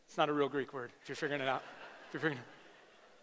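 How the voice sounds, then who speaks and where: A man preaching a sermon, his fairly high voice ringing out in a big hall with a long echo. He swings from loud, emphatic bursts to quiet, intimate asides. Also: quick pace. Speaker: pastor.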